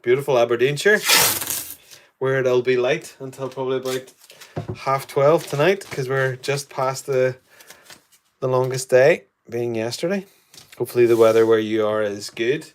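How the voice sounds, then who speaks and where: A man's voice: medium pitch, steady tone, moderate pace. A man with a Northern Irish accent talks through a live art demo at his desk in a mid-range voice. He rambles cheerfully and stops to greet viewers by name. A faint background noise runs under his voice. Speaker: art tutor streaming live. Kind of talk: casual live painting demo chat.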